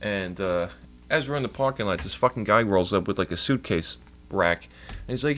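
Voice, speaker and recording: A man's voice: fairly low pitch, animated, normal speed, fairly bright tone. Profane rambling male streamer. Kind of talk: casual chat.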